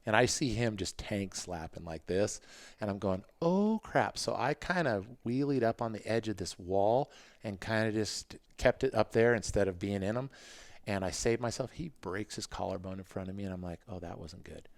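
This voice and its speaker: Man, 50s, podcast guest, casual storytelling, animated, dry close sound. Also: normal speed, no room sound. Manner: animated, acts out quotes in a higher voice. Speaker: podcast guest, former motocross racer.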